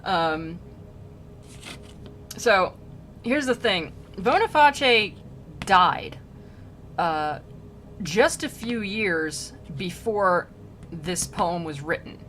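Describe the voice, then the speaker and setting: A woman's voice: lowish voice, lively intonation, very slow, pauses often, a bit bright, slight background noise. A young woman streamer reading a classic poem aloud and riffing on it in casual slang while doing a craft, with frequent laughs. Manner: chatty, paraphrases in modern slang, laughs often. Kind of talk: casual read-aloud with commentary.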